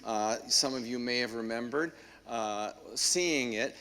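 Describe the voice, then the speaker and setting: A man, a priest, giving a homily in a church in a conversational storytelling manner with frequent pauses. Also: medium pitch, bright, forceful tone, clean tone. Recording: long church reverb.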